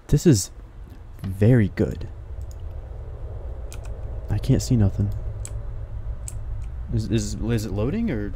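Dark-voiced man playing a horror game. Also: lowish voice, slow, pauses often, slight background noise. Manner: jumpy, swearing, whispering when scared, talking to game characters. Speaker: gaming streamer. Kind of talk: horror game let's play commentary.

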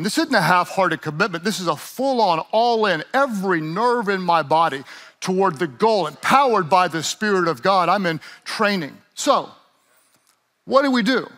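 Bright, high-voiced man preaching a sermon. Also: expressive, moderate pace. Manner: emphatic, repeats key phrases, acts out lazy runner in mumbled voice. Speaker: pastor.

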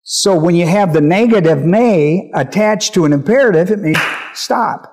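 Male pastor, high voice, emphatic Bible teaching, repeats points and checks the room. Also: lively intonation, normal speed, a little mellow. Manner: emphatic, repeats key phrases, checks listeners' understanding.

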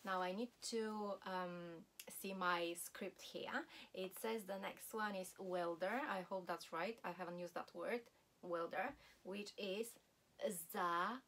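Slow-paced woman teaching vocabulary. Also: medium pitch, fairly even intonation, a bit bright, slight background noise. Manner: slow, deliberate, repeats words for practice. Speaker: language teacher. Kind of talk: language lesson.

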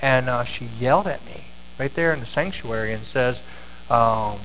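Middle-aged pastor preaching in an echoey church. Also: male voice, medium pitch, normal speed, fairly bright tone. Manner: storytelling, with frequent restarts and fillers. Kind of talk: sermon. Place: church sanctuary. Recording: echoey sanctuary, slightly dull sound.

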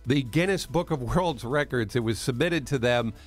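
A man's voice: medium pitch, moderate pace, music in the background. A middle-aged man, co-hosting a radio show and telling stories in a rambling way with lots of fillers. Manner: chatty, rambling storyteller with many fillers. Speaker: radio co-host. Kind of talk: casual radio chat.

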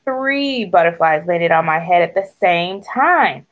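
Woman putting on a high boastful young girl duck, excitable, lively swings, slightly muffled sound. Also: measured pace. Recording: dull lo-fi recording.

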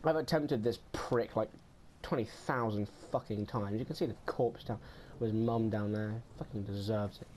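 A man giving gameplay commentary, getting frustrated, swearing a lot and yelling in bursts. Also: lowish voice, moderate pace, slight background noise. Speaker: gamer. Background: game music.

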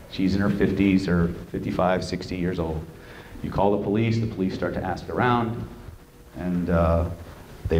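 A man presenting a live seminar to an audience, animated and joking, who keeps checking in with "right?". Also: low voice. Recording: roomy room with faint noise.

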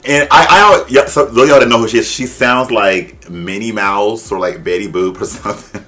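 A man giving casual reaction commentary, animated and exclaiming, mimicking voices as he talks. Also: fairly low pitch, normal speed, slight background noise. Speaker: drag reaction vlogger.

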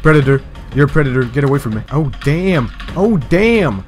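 A young man in casual gaming commentary who turns the game into a playful mock story. His pitch swings widely as he jokes, and faint music plays under him. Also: big pitch swings, normal speed. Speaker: gaming video host. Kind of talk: casual let's-play commentary.

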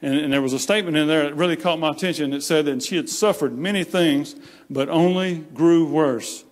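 A man's voice: a little high, brisk. A man preaching a sermon, telling stories plainly and acting out the voices he quotes. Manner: plain storytelling, acts out quoted voices, repeats phrases. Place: church sanctuary. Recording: long hall reverb.

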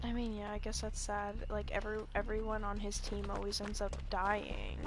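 A young woman streaming a game, excitable and dramatic, swearing often in casual chat. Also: mid-range voice, moderate pace, music in the background.

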